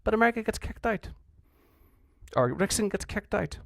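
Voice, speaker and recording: A man's voice: high-pitched, expressive, moderate pace, gravelly, a bit bright, no echo. A man with a Northern Irish accent, a history teacher giving a conversational revision lecture who often restarts his sentences and acts out quotes.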